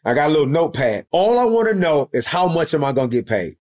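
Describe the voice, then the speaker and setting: Animated man spinning stories. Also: on the high side, quick pace. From United States. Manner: animated storyteller who acts out the other people in his stories. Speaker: guest, basketball coach and former pro player. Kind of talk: lively anecdotal storytelling.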